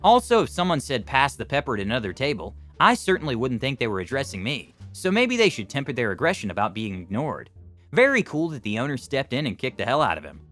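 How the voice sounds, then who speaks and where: A man narrating online stories in a scripted, animated and expressive way, adding his own comments. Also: medium pitch, fast, soft background music. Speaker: story narrator.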